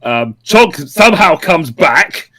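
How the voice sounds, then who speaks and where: Halting man recapping with many ums. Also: a little high, sing-song, bright, forceful tone, no room sound. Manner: halting recap full of ums and quoted asides. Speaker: podcast co-host recapping a comic. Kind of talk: casual chat.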